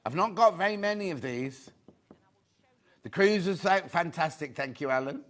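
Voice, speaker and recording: A man's voice: on the high side, lively intonation, normal speed, fairly bright tone. A man presenting a live sewing shopping show, chatty and reading out viewer comments. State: out of breath. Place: TV studio.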